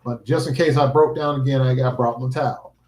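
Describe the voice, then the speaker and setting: A man's voice: medium pitch, steady tone, brisk, a little mellow. Earnest man in an echoey room. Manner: earnest, emphatic, preacherly. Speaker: livestreaming vlogger. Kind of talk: casual heartfelt livestream talk. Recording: roomy echo.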